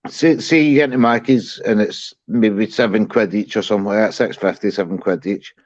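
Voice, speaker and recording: A man's voice: on the low side, normal speed, no room sound. Laid-back man, dry muffled sound. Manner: relaxed, repeats words, swears casually. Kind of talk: casual chat.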